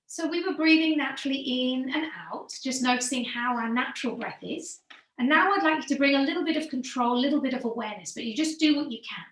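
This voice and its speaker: Calm female yoga teacher, slightly high voice, soft, unhurried cues, recorded at a distance in a roomy space. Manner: calm, slow and soothing, drops to soft low guidance. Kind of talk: guided yoga breathing instruction. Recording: echoey room, from far off the mic.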